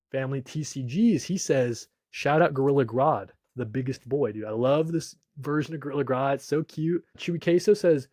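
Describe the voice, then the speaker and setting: Excitable young guy, dry close mic. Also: medium pitch, no room sound. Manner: excitable, says "dude" and "bro" a lot, jumps between calm and shouting. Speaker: comic book reviewer and livestream host. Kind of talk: casual livestream chat reading viewer comments.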